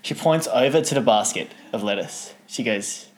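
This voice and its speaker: A man co-hosting a chat show, telling an animated anecdote and often laughing. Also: mid-range voice, moderate pace. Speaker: podcast co-host. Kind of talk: casual storytelling chat.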